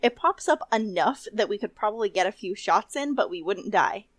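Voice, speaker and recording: A young woman chatting casually as a podcast co-host, recapping an episode with lively, animated delivery, frequent laughs and the odd swear. Her voice sits at an everyday pitch and is recorded close and dry, with no room sound. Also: normal speed, dry recording.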